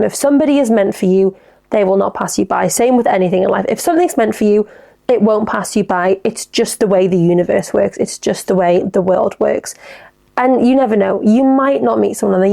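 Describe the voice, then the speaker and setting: On her podcast, a woman gives casual advice, upbeat and talkative with a sweary streak. Her voice is medium-pitched and mellow, with vocal fry.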